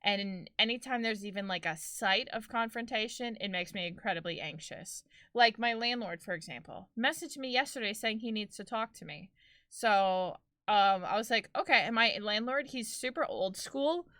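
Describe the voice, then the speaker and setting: A woman's voice: medium pitch, lively intonation, moderate pace, pushed and bright, dry recording, clean studio sound. A young woman streaming and chatting with her viewers, telling stories casually and laughing often. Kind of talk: casual chat with live chat.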